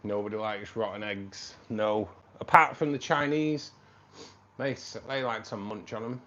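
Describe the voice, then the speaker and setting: His voice on the low side and a little slow, pushed and bright, a man chats with viewers on a casual livestream from his home, reading the chat and calling them mate. He sounds somewhat tired, and the audio's highs are cut off.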